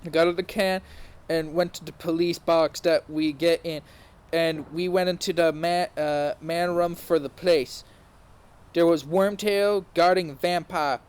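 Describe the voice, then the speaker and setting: Man stumbling through a mock-dramatic reading. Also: a little high. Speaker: podcast host reading aloud.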